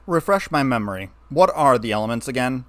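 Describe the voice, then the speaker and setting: A man's voice: medium pitch, brisk, no room sound, natural voice. A man voicing a wry, guarded young man. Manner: wry, flat, turning bitter.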